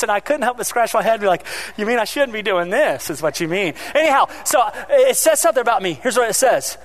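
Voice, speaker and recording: A pastor preaching a sermon, animated, swinging between loud emphasis and quiet asides, with joking remarks to the congregation. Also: male voice, very high-pitched, fast.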